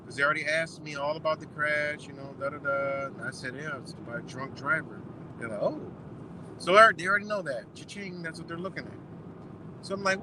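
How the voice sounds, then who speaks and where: A young man casually telling a story, quoting others in quick exchanges and swearing freely, recorded on a phone outdoors. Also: fairly high pitch, noisy background. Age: young adult. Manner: retells doctors' talk in quick quoted exchanges, swears freely. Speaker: vlogger.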